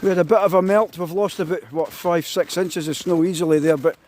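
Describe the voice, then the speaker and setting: High-pitched and a little mellow, the Scottish man's voice holds a fairly even intonation and moves slightly fast. He's chatting on a phone live-stream, greeting viewers time after time as he drives and later walks in the snow, with road and car noise picked up by the phone.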